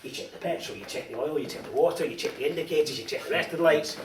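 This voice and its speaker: Middle-aged scottish guy cracking jokes at a dinner, kinda high voice, big echoey room. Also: racing. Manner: anecdotal, teasing, lively storytelling. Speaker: after-dinner speaker. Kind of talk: after-dinner comic speech. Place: large dining hall. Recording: echoey hall, distant mic, background noise.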